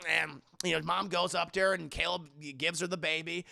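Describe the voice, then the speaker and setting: A young man giving a casual, profane, animated comic film recap to a live chat. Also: a little high, normal speed, vocal fry, dry recording, clean studio sound.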